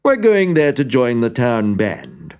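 A good-natured storybook donkey voiced by a man who urges his friends along. His voice is cheerful and coaxing, with lively rises and falls. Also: medium pitch, measured pace, gravelly, clear, resonant tone, muffled recording, exaggerated voice. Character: friendly donkey, the group's leader.

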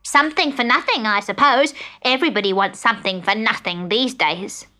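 A woman's voice: on the high side, a little fast, sharp tone. A woman voicing a thin, stingy, sour old woman in a storybook reading, snappish and suspicious.

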